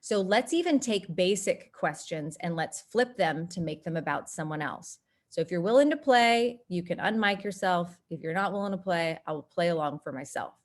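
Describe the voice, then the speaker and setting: A woman from North Texas, presenting an online workshop and acting out quotes in lively voices. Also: normal speed. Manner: animated, acts out quoted voices with big pitch jumps.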